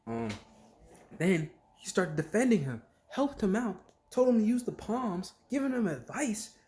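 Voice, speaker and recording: A vlogger in a casual, rambling rant to camera, packed with "like" fillers and quick acted-out quotes. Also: mid-range voice, a little mellow. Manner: filler-heavy, lots of "like", jumps between thoughts; acts out quick quoted voices mid-story.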